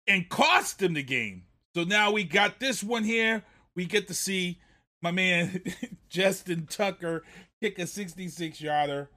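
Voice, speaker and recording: A man's voice: a little high, bright, forceful tone. A man hosting a sports talk show, ranting in a heated way about a football play and repeating himself. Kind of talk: casual sports commentary.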